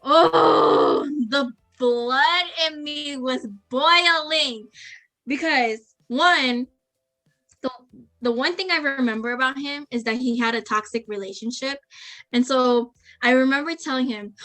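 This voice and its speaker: A woman's voice: high-pitched, slow, sharp tone. A young woman co-hosting a podcast, frankly asking the group questions and sharing her own story. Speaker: podcast co-host. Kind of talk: casual chat.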